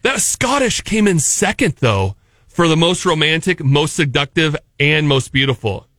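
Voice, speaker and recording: Jokey high-voiced radio host man. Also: animated, normal speed, fairly bright tone, no room sound, clean studio sound. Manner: jokey, does goofy fake accents. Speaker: radio morning show host. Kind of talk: casual radio banter.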